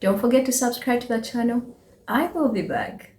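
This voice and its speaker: A woman with a Ugandan accent hosting a reaction video, talking in a slow, measured, chatty way with pauses. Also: fairly high pitch, expressive, heavy background noise. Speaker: channel host. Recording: echoey room.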